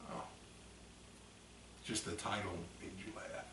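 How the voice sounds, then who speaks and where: A man chatting casually on a vlog, rambling through a story with bursts of loud acted screams after a few drinks. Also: on the low side, flat delivery, takes it slowly, noisy background. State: tipsy from drinking. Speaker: vlogger. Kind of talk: casual chat. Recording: echoey room, mic at a distance.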